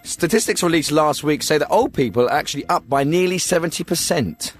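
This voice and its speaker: An actor playing a tactless radio phone-in host, with a pompous, glib manner in a comedy phone-in. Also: male voice, on the high side, fairly quick, faint music behind, lightly acted. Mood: smug. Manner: pompous and glib, with offhand insults. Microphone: studio microphone.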